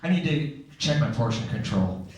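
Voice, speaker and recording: A man performer in improv comedy, setting up a story in an apologetic, rambling, quiet way. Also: medium pitch, animated, moderate pace. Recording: echoey room, distant mic, faint noise.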